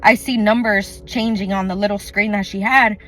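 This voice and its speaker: A woman's voice: mid-range voice, steady tone, moderate pace, a bit bright, faint music behind. A woman telling a personal faith testimony in an earnest, chatty way, often saying "like" and acting out what others said. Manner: earnest, chatty, full of "like" and quoted dialogue. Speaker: faith vlogger.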